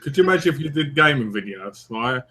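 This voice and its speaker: Playful man with a bright voice. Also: mid-range voice, animated, quick pace. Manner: playful, jokey storyteller. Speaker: co-host. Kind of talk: casual chat.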